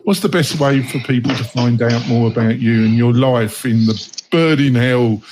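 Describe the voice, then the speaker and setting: A man hosts a round-table podcast, thanking his panel and moving things along. He talks in a chatty, halting way, with a mid-range voice. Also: mid-range voice, background noise. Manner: chatty, halting, lots of fillers. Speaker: podcast host.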